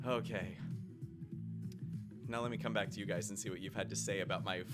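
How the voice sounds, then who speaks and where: A man hosting gameplay commentary who goes from calm explaining to loud shouting and cheering. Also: low voice, very fast. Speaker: YouTube game host. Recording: music playing behind the voice.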